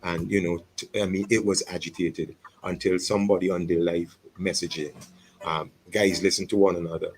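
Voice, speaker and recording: This low-voiced man delivers his words flatly at a normal speed, with faint music behind him on a rough recording. He is a pastor from St Vincent and the Grenadines, speaking earnestly from a radio studio as he publicly apologizes on air, thinking aloud and repeating himself.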